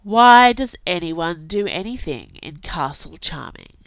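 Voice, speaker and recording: A woman with a cold voicing a stern, poised older witch who speaks in a brisk, businesslike way. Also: fairly low pitch, sing-song, no room sound. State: has a cold. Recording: dull, dry audio.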